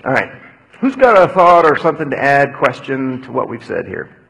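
Husky, animated male pastor. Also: mid-range voice, normal speed, rough recording. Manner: animated storytelling, acts out quotes loudly. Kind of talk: sermon with audience Q&A.

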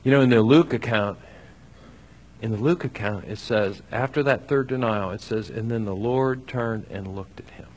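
A man preaching a sermon, acting out scripture with lively swings between loud and soft. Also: on the low side, moderate pace, slight background noise. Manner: animated, acts out scripture with shifting loudness. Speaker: pastor.

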